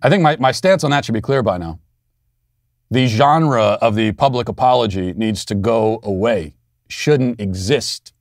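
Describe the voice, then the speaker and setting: A man's voice: on the low side, measured pace, no room sound, studio quality. A man in his thirties hosting an opinion podcast, talking in a defiant, sarcastic and emphatic way. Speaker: podcast host. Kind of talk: opinion commentary monologue.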